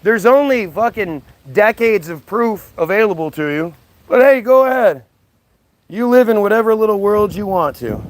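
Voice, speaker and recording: A man with a high, raised voice delivers an agitated livestream rant. He speaks in quick bursts, mocking and confrontational as he answers comments from his chat. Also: animated. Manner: combative and mocking. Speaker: live streamer.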